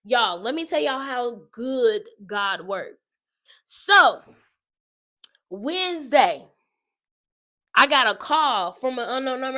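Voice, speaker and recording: Animated woman sharing a testimony. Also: high-pitched, takes it slowly, long pauses. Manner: animated, speaks straight to viewers. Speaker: wedding advice vlogger. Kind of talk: casual testimony vlog.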